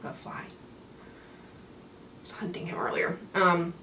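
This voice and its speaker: A woman's voice: lowish voice, lively intonation, unhurried, pushed and bright, in a whisper. A woman chatting casually through a makeup tutorial, rambling with self-mocking asides. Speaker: beauty vlogger. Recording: roomy, mic set back, faint hiss.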